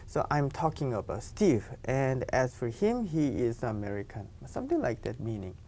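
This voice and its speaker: Low-voiced teacher explaining grammar. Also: female voice, very animated, moderate pace, warm tone, slight background noise. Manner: explains patiently, with many "you know" fillers. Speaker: Korean language teacher. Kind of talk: classroom grammar lesson.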